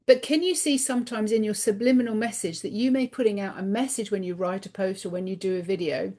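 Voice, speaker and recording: A woman's voice: fairly high pitch, animated, brisk, a little mellow. Emphatic woman giving a spiritual card reading. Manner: emphatic, repeats words for stress. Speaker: spiritual card reader and channel. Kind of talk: inspirational monologue to camera.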